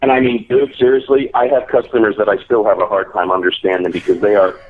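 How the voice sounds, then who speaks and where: A man's voice: fairly low pitch, little pitch movement, fast, phone-quality sound. A man with a New Jersey accent, guesting on a show and telling rambling, profane stories. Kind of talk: casual chat.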